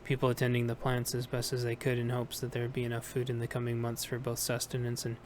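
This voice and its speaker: Flat-voiced man reading an audiobook. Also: mid-range voice, fast, slight background noise. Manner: steady, plain reading with small self-corrections. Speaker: audiobook reader. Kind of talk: audiobook narration.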